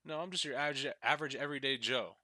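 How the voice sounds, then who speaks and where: A man's voice: medium pitch, rapid-fire, background noise, lightly acted. A man doing a timid, mumbling ventriloquist. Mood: nervous. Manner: hesitant and mumbling. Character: timid, nervous male ventriloquist. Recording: loud game music behind. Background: loud game music.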